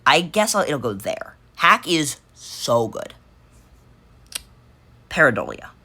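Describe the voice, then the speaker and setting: Very deep-voiced rambling woman. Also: very animated, slow, pushed and bright, slightly rough. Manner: rambling, self-correcting, many fillers. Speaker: video creator ranking game cards. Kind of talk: casual unscripted commentary.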